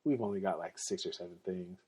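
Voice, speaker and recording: A man hosting a podcast, telling casual stories in an animated, slangy way and laughing often. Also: low voice, fast, breathy edge. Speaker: podcast host. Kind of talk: casual storytelling.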